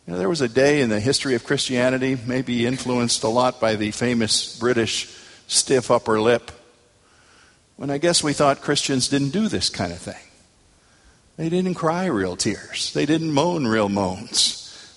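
A pastor preaching a sermon, telling stories dramatically and building to emphatic peaks. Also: male voice, fairly high pitch, unhurried, fairly bright tone. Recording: long hall reverb.

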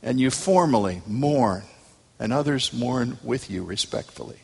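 A pastor preaching a sermon, telling stories dramatically and building to emphatic peaks. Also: male voice, medium pitch, lively intonation, measured pace, creaky, a little mellow, husky. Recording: long hall reverb.

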